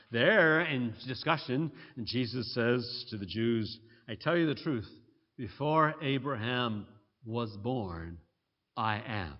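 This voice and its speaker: A man preaching a sermon, emphatic and climbing to loud peaks on key points. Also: mid-range voice. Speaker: pastor. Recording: muffled sound with long hall reverb.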